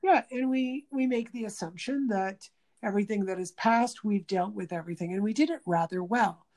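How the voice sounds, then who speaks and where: A woman's voice: mid-range voice, normal speed. A woman talking casually in an interview, acting out quoted speech as she tells stories and restarting phrases as she thinks aloud. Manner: animated storyteller who acts out quoted speech.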